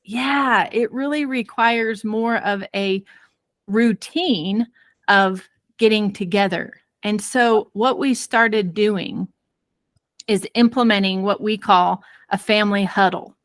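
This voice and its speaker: A woman parenting expert telling a personal story in an interview, lively and acting out quoted voices. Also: mid-range voice, slow, no echo. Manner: many fillers and restarts.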